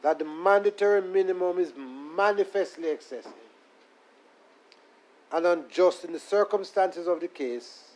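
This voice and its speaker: A man, a lawyer making a deferential, measured legal argument in court and reading his submissions aloud. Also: high voice, darkish tone, rough recording. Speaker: defense attorney.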